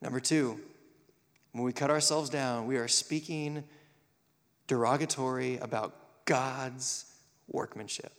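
A man preaching a sermon to young people, animated, acting out the voices he quotes. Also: mid-range voice, takes it slowly, long pauses. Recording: long hall reverb.

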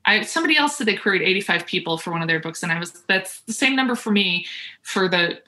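A woman's voice: medium pitch, expressive, fast talker, bright, forceful tone. A woman, a writer on a panel, chatting over a video call and laughing often as she talks. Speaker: panel guest, author. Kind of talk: casual panel conversation.

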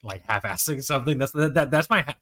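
A man trading jokes as a podcast co-host, animated and a little profane, and quick to laugh. He speaks at an ordinary middle pitch in a loose, casual chat.

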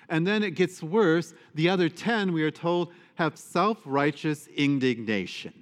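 A man's voice: on the high side, animated, a little slow, hardly any pauses. A man, a priest, giving a conversational homily to his congregation, with fillers and asides. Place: church. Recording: long church reverb.

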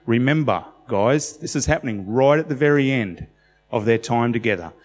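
A man's voice: mid-range voice, moderate pace, darkish tone, big-room sound. A man preaching a sermon in a conversational, emphatic way, telling stories with animation.

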